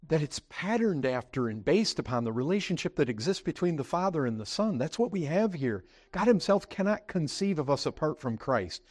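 Male pastor, middle-aged, high voice, earnest emphatic sermon delivery with repeated words and excited peaks. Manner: earnest, emphatic preaching that rises to excited bursts; repeats words when pressing a point.

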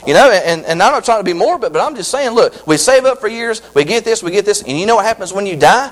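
A man preaching a sermon as pastor, who repeats his phrases for emphasis and slows down when he reads scripture. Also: sits high, expressive, low-quality recording. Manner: slow drawn-out scripture reading.

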